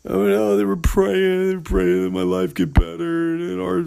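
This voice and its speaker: An earnest, devout wife pours out her words in one breathless run-on plea, as a man puts her on in a high voice. She sounds pleading and sincere, pitched well above a man's normal speech. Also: moderate pace, vocal fry, warm tone, smooth, soft background music.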